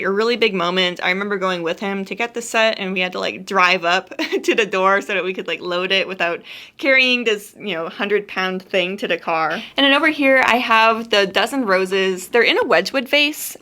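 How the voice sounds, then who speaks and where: A woman's voice: a little high, sharp tone. A young woman giving a casual room tour vlog at home, gushing and playfully dramatic about her favourite things. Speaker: YouTube creator. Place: home hobby room, indoors.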